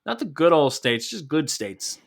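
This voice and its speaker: A man's voice: a little high, big pitch swings, normal speed. A man co-hosting a wrestling podcast, chatting casually and joking as he recaps matches. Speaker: podcast co-host.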